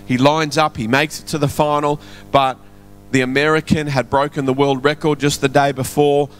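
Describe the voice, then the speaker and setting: A man's voice: on the high side, level tone, normal speed. A man preaching a sermon in a church, chatty and quizzing the congregation. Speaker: pastor. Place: church hall. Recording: soft music behind.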